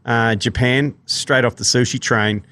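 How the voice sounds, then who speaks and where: A man with a New Zealand accent hosting a sports podcast, laid-back and laughing often, with quick asides. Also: medium pitch, fairly even intonation, pushed and bright. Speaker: podcast host. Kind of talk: casual sports banter.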